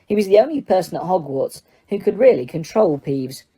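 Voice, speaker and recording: Low, mellow woman reading aloud. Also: brisk, breathy edge. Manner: steady reading with occasional stumbles. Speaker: audiobook narrator. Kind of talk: audiobook reading.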